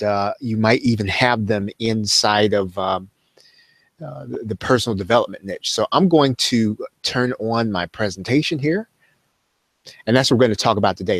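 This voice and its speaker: A man hosting a live weekend Q and A, a little hoarse after losing his voice, talking in a halting way with many fillers and restarts. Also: fairly low pitch, no room sound. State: recovering from lost voice. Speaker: host of a weekend Q and A livestream. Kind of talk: casual live presentation.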